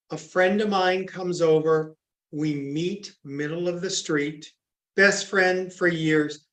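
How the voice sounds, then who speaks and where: A man's voice: on the high side, fairly bright tone. A man giving a recorded training talk on grief, earnest and emphatic as he tells stories. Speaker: grief educator. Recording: echoey room.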